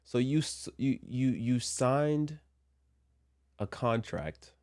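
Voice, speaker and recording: A man's voice: medium pitch, expressive, slow, a little mellow. A man giving casual commentary from a Christian view, chatty with joking asides, and a little under the weather. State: a little sick. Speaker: commentary vlogger.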